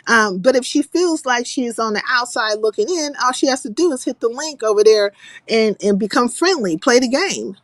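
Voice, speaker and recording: A woman's voice: fairly high pitch, animated, normal speed, no room sound. A woman hosting a casual livestream chat, blunt and profane, reading out viewer comments and giving her opinion. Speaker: livestream host.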